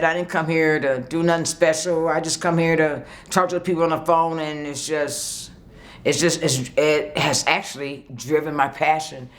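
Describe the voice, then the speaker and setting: A woman tells her own story of turning her life around. She is emphatic and heartfelt, breaks into laughter often, and plays out the things she once said. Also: deep voice. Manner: vivid storyteller who acts out her own past words. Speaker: employee sharing a success story. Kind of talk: personal testimonial.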